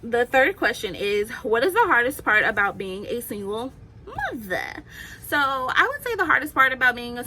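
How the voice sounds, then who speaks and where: A woman's voice: on the high side, sharp tone, slight background noise, low-quality recording. A young woman vlogging casually, answering questions in a chatty, candid way and laughing often. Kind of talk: casual Q&A vlog.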